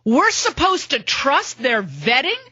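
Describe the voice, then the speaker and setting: A middle-aged woman hosts political talk radio in a sarcastic, mocking monologue. Her voice is high, bright and swings widely in pitch. The studio sound is dry, and the broadcast audio is a little dull. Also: wildly swooping pitch, no echo. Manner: sarcastic, mocking, rapid-fire listing. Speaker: radio talk show host.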